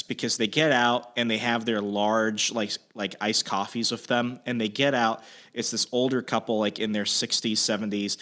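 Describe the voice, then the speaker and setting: A bright, forceful young man tells a story in loose, casual chat. He swears freely and acts out the quoted lines with energy. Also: mid-range voice. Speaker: podcast co-host telling a story.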